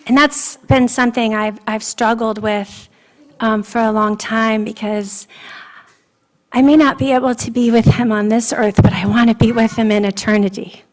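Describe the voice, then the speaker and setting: A woman's voice: on the high side, steady tone, normal speed. A woman preaching a sermon in a church, sharing personal testimony in an earnest, emotional way. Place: church sanctuary.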